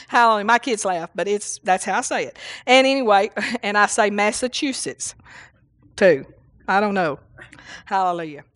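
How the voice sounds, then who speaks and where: A woman's voice: medium pitch, a bit bright. A woman preaching a rambling, folksy sermon at a church service, often laughing and saying hallelujah.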